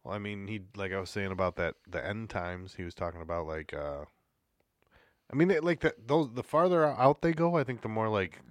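A man's voice: on the low side, lively intonation, fairly quick, no echo, studio quality. A man co-hosting a podcast, musing through ideas with lots of fillers and some swearing. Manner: musing, hedging with fillers, profane. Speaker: podcast co-host. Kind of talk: casual chat.

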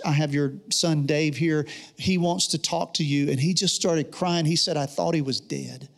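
A man preaching a sermon, telling a personal story in an earnest way and acting out the dialogue. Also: a little high. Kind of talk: sermon testimony.

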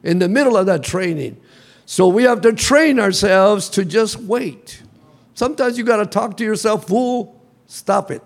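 A male pastor preaching a sermon in a church, calling the congregation to repeat after him and building to shouts. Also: high-pitched, moderate pace. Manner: call-and-response preaching, rising to shouts. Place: church sanctuary.

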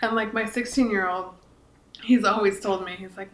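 Her voice is medium-pitched and fairly bright, steady, at a normal speed. She's an author and podcast co-host in her forties, chatty and sincere, talking casually with frequent likes and false starts, recorded in a room with noticeable echo.

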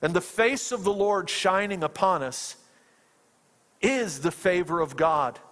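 A man's voice: a little slow, fairly bright tone. A man preaching a sermon with passion, his voice climbing as he voices fervent prayers and often repeating his words. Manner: impassioned, rises in pitch when quoting prayers, repeats words. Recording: long reverb of a large hall.

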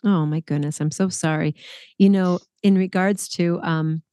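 Woman podcast host, lively storyteller, close dry mic. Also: fairly low pitch, moderate pace, no echo. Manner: animated storyteller, exclamations. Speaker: podcast host, former group leader. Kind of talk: casual podcast conversation.

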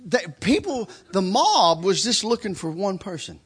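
A man preaching a sermon in a church, telling stories with animated delivery. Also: high-pitched, measured pace, breathy edge. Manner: animated, acts out shouting in stories. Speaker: guest preacher. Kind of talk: sermon with storytelling. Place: church sanctuary.

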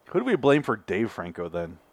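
A man's voice: fairly low pitch, huge pitch swings, fairly quick, darkish tone. A young adult man hosting a podcast, chatting casually and swearing freely while reviewing an episode. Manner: profane, laughing banter. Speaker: podcast host.

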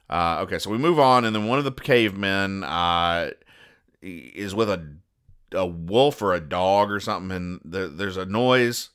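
A man hosting a comedy show, reading comic strips aloud and explaining the jokes in a wry, deadpan way. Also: on the low side. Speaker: host.

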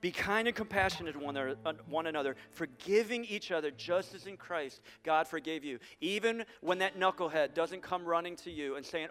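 A male pastor preaching a sermon to a large congregation, animated and acting out the voices he quotes. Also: high voice, a little fast, big-room sound, faint music behind. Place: large church hall.

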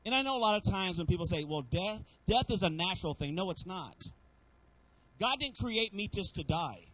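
A man with a notably high voice preaches to his church congregation. He keeps calling out for an amen and slips into the voices of the people he quotes as he tells the story. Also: lively intonation, moderate pace, a bit bright, dry recording, poor audio. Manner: preaching with call-and-response asks to the congregation; acts out quoted voices within the sermon. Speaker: pastor. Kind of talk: sermon. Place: church sanctuary.

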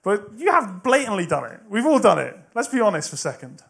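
Man preacher, fairly high voice, passionate sermon, swings from quiet to loud. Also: very animated, brisk, vocal fry.

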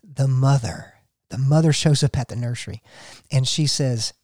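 A man's voice: mid-range voice, moderate pace, warm tone, no echo, clean studio sound. A man hosting a gardening show, talking folksy and casual and telling a story to listeners he calls folks.

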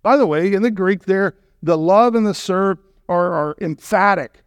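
Male guest preacher, higher register, animated and emphatic with playful asides, dry recording. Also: normal speed, smooth, no echo. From Southern California. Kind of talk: sermon.

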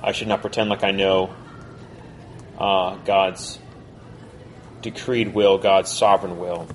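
A man teaching a college Bible class, talking quickly and conversationally and putting questions to his listeners. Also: low voice, little pitch movement, slight background noise.

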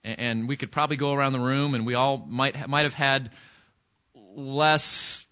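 A man's voice: mid-range voice, steady tone, moderate pace, pushed and bright, muffled recording. A man teaching an interactive Bible study lesson in a church classroom, putting questions to the class and often restarting his sentences. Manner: conversational, asks the class questions, frequent restarts.

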